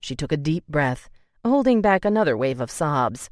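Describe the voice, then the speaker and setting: A woman's voice: deep voice, big pitch swings, moderate pace, no echo, clean studio sound. A woman narrating a romance audiobook in an emotive way, voicing the tearful heroine's lines with feeling.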